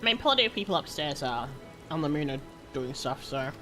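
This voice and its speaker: A woman's voice: low-pitched, animated, fairly quick, a bit bright, faint music behind. A woman streamer chatting casually with her viewers while she plays a game, talking easily and laughing often. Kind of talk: casual gaming stream chat.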